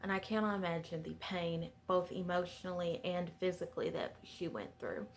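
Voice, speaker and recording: A woman's voice: lowish voice, expressive, normal speed, creaky. A woman giving a chatty, digressive recap of a TV episode in a sympathetic tone. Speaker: show recapper.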